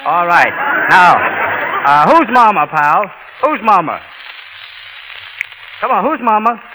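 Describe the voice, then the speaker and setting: A man's voice: high voice, very animated, slow pace, crowd noise. A man from New York coaxing and commanding his performing dog on stage. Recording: echoey hall with faint hiss.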